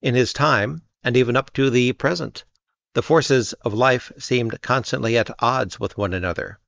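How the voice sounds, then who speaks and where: A man reading an essay aloud in a measured, even narration. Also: mid-range voice, vocal fry, dry recording. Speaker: reader. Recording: dull lo-fi dry recording.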